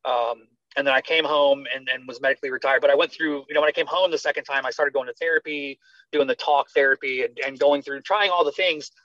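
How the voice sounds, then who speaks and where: A retired US army medic tells his story in a conversational interview, speaking fast at a medium pitch. He's animated and acts out the dialogue he remembers. The recording is dry with no echo and sounds slightly dull.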